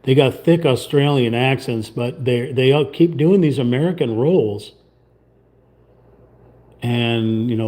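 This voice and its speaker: Rambling man with a dark voice. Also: medium pitch. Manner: rambling, chatty, trails off into muttering. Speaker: livestream host. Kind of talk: casual chat while painting. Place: at a table, painting.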